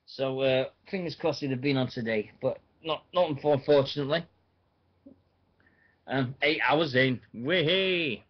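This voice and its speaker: This is a radio host, a man in his forties, with a mid-range voice heard through a muffled recording. His chat is casual and rambling, full of fillers and restarts.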